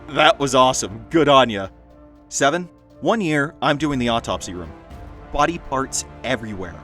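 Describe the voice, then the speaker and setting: A man reading funny stories aloud in a lively storytelling manner, with dry asides. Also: medium pitch. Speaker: story narrator.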